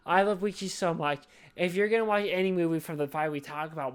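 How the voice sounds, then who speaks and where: A woman's voice: lowish voice, quick pace, few pauses, smooth. Drunk, rambling woman podcast host. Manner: rambling, repeatedly apologetic, swears a lot. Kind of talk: casual podcast chat.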